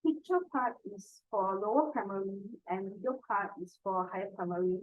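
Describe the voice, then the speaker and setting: A woman's voice: medium pitch, moderate pace. A woman teacher giving a workshop talk, methodically spelling out and repeating example words as she explains pronunciation rules. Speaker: Chinese teacher. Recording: tinny phone-like sound.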